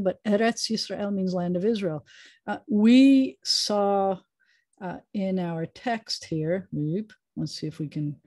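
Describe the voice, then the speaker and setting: A woman rabbi teaching a Hebrew reading lesson over a video call, patient and chatty with playful asides, sounding out letters slowly. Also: fairly low pitch, darkish tone, dry recording.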